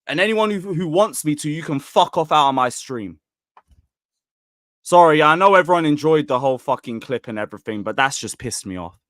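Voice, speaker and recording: A man's voice: fairly high pitch, lively intonation, brisk, a bit bright, no echo, studio quality. A man hosting a football live stream, ranting bluntly and angrily at his chat.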